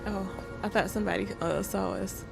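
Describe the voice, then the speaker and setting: A woman's voice: medium pitch, fairly even intonation, brisk, creaky, over music. A woman streaming a game, reading in-game letters aloud with gasping reactions. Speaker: gaming streamer. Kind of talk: casual gameplay commentary.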